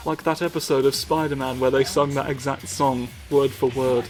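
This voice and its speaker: A man's voice: medium pitch, fairly even intonation, normal speed, a little mellow, faint music behind. A man giving rambling, playful comedic commentary over a fighting game, full of absurd asides.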